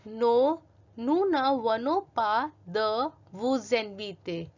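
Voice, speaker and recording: A woman's voice: on the high side, animated, slow, highs cut off. A woman teaching a French grammar lesson from slides, reading each French example and then translating and explaining it step by step in English.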